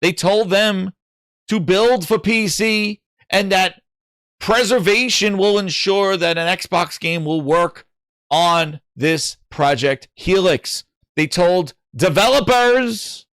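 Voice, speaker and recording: A man with a New York accent hosting a casual gaming livestream, animated and jokey, repeating words for emphasis. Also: high voice, slow, dry recording, studio quality. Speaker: livestream host.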